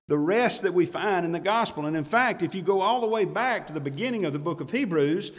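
A man's voice: high voice, big-room sound. A male pastor preaching a sermon emphatically, repeating key words for stress.

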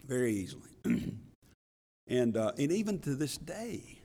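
A man pastor preaching a sermon in an animated way, with laughs and asides to the congregation. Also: medium pitch, measured pace. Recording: long church reverb.

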